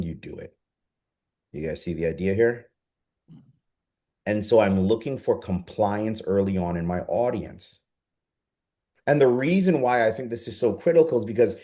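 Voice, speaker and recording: A man leading an online coaching session over a video call, speaking with a fairly low, mellow voice. He is energetic and persuasive. He keeps pulling the group in with rhetorical questions.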